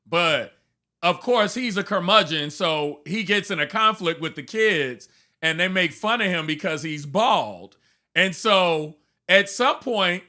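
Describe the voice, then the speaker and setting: A man co-hosting a podcast, chatting casually, swearing freely and laughing through animated stories. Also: high voice. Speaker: podcast co-host. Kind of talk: casual chat.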